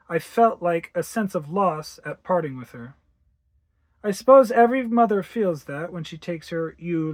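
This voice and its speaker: A narrator reading a ghost story aloud in an expressive way, acting out the dialogue. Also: mid-range voice, dry recording. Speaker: audiobook narrator.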